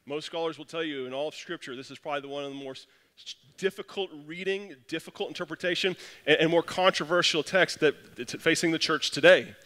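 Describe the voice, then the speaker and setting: A man's voice: a little high, fast talker, sharp tone, in a large hall. A man preaching a casual, conversational sermon as pastor, self-deprecating and telling stories with frequent restarts.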